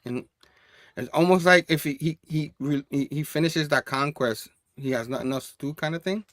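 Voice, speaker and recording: A man's voice: fairly high pitch, normal speed, a bit bright, no room sound, clean studio sound. A man casually reviewing a comic book, reading the panel dialogue aloud in a loose, chatty way with frequent laughs.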